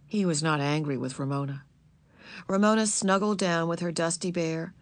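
A woman narrating a children's book, telling the story in a gentle, measured, expressive way. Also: lowish voice, no room sound. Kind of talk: children's audiobook reading.

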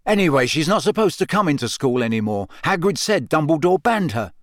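A man's voice: on the high side, big pitch swings, fairly quick, no room sound, clean studio sound, voice pushed up. A man voicing a blunt, indignant teenage schoolboy.

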